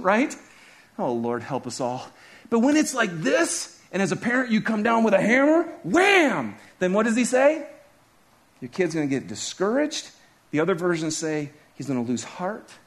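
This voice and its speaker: A man in his thirties preaching a sermon as a pastor, telling stories with his voice rising high and dropping low. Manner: animated storytelling, voice rising and dropping sharply.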